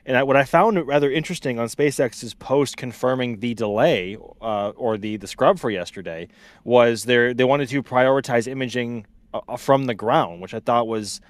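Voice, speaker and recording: A man's voice: medium pitch, moderate pace, dry recording. A man co-hosting a live commentary stream, speaking hesitantly with lots of fillers and restarts. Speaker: co-host.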